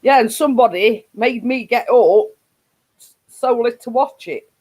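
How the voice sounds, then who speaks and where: A woman's voice: fairly high pitch, moderate pace, a little mellow, low-quality recording. A woman with a Yorkshire accent hosting a casual live stream, rambling with frequent laughs and restarts.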